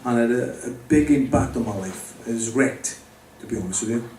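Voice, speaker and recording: Man with a mellow voice talking straight to a live audience about his faith, recorded from a distance. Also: mid-range voice, fairly quick. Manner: conversational, speaks directly to the audience. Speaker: speaker giving his testimony. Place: pub or club venue with an audience. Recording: roomy, distant mic with faint background noise.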